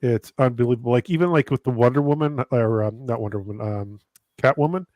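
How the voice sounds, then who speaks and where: Man at mid pitch, dry close sound, halting talk with lots of ums. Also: darkish tone, no echo. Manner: hesitant, many fillers. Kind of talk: casual movie-watch commentary.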